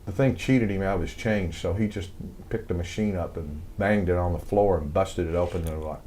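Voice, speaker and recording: A man's voice: sits low, brisk, dark tone, a little hiss or hum. An older man with a Southern accent, telling rambling stories in a casual studio interview, full of fillers and restarts. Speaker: guest, wrestling music composer.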